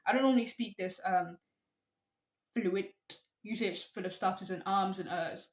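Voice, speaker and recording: A woman's voice: mid-range voice, moderate pace, roomy sound, highs cut off. A young woman talking to her camera in a casual, rambling, self-deprecating way, giving advice. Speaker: vlogger.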